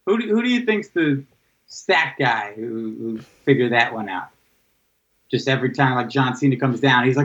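A man hosting a casual podcast, at middling pitch, often stumbling over his opening words before he settles in. He likes to tease his co-host. The recording sounds dull and slightly lo-fi. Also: animated, normal speed, fairly bright tone. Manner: stammering restarts, teasing. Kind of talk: casual chat.

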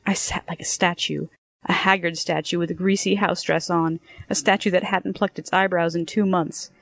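A woman narrating a first-person story in a lively, expressive way and acting out the dialogue as she goes. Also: on the low side, normal speed, vocal fry, dry recording.

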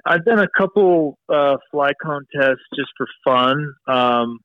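A man's voice: on the high side, takes it slowly, no room sound. Rambling man on a dull, lo-fi line. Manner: rambling, leans heavily on "you know". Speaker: podcast guest, fly tyer. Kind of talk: casual interview chat.

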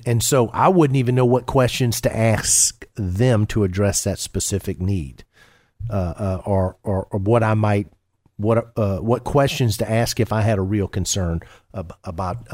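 A man's voice: fairly low pitch, a little mellow, no echo, clean studio sound. A man co-hosting a retirement-planning radio show as a financial advisor, talking casually with many restarts and fillers.

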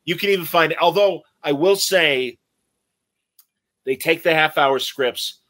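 A man's voice: fairly high pitch, unhurried, pushed and bright, dry recording. A man co-hosting a casual chat about movies and TV, chatty and reading out listener comments. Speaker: podcast co-host.

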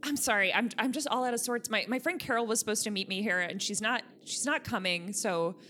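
Flustered, apologetic, stammering, bright voice, young woman, played by a woman. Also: fairly high pitch, a little fast, a little hiss or hum.

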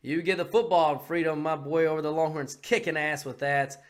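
A man co-hosting a casual political podcast, crude and excitable, swearing freely. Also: on the high side, a little fast. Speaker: podcast co-host.

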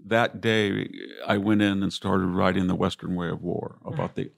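This older American guest, a classicist and military historian, tells reflective interview stories of his family and wartime, often quoting relatives directly. His low, gravelly voice is flat and at normal speed, recorded at studio quality without room sound.

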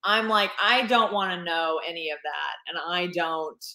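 A woman talks casually about her writing work in a slightly low voice, circling her points with fillers and restarts. Her voice carries a roomy echo. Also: normal speed, bright, forceful tone. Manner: rambling, many fillers and restarts. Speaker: romance author. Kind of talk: casual interview chat.

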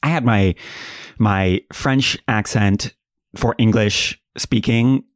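A man's voice: lowish voice, slow, no echo. Brief: male podcast co-host, casual storyteller, dry sound. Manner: chatty, lots of "like". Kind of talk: casual chat.

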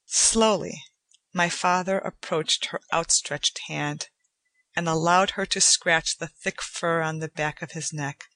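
Brief: woman audiobook narrator, unhurried and lowish, dry close studio sound. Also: steady tone, pushed and bright, no room sound. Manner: measured, deliberate storytelling. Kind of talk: scripted narration.

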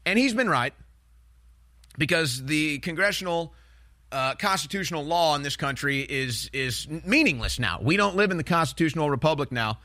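A man's voice: on the high side, expressive, normal speed, pushed and bright, no room sound, studio quality. A man hosting a political talk show, delivering heated commentary in an emphatic, ranting way that repeats phrases and restarts sentences.

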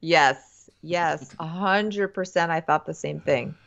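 A woman's voice: low voice, takes it slowly, vocal fry, fairly bright tone, dull audio. A woman co-hosting a podcast, giving blunt, emphatic opinions about a TV show. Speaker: podcast co-host. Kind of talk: casual chat recapping a TV show.

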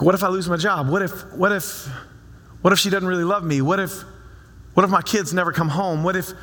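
A man preaches to his church in an easy, conversational style, circling back on his phrases. His voice sits high and sounds bright and forceful. The sound rings out with a long reverb from the sanctuary. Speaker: pastor. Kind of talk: sermon.

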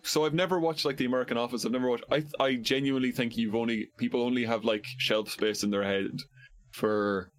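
A man in casual podcast chat, telling stories and acting out the people he quotes. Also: fairly quick. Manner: animated storyteller, acts out quoted callers in a high voice.

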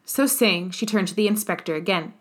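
A woman narrating a classic novel as an audiobook, with a steady, formal reading style. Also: mid-range voice, a little fast.

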